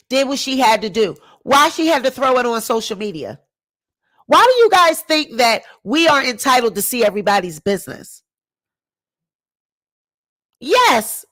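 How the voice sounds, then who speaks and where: Indignant and ranting, a woman who makes commentary videos on YouTube repeats her points with emphasis for her audience. Her voice shifts from sharp outbursts to low mutters.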